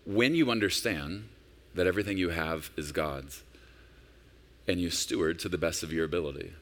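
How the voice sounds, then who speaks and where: A man in his forties delivers a sermon as a senior pastor, his voice sitting very low. He preaches conversationally, telling personal stories and rising into emphatic peaks. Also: a bit bright. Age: 40s.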